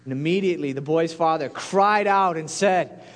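A man's voice: a little high, moderate pace. A man preaching a sermon as a pastor, earnest and pleading, building to intense peaks.

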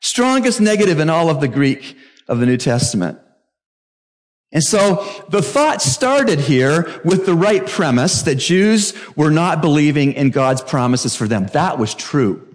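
Male pastor, middle-aged, fairly high-pitched, preaching emphatically with sharp rising exclamations. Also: very animated, measured pace. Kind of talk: sermon.

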